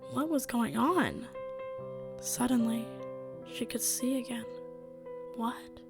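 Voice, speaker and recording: A woman narrating a story in a steady, measured way. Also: a little high, vocal fry. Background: faint music.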